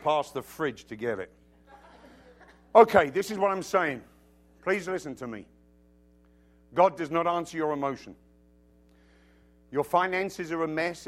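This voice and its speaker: A man with a high voice preaches a sermon, quoting scripture as he goes. He swings from hushed, close passages to loud, emphatic bursts and slips in humorous asides.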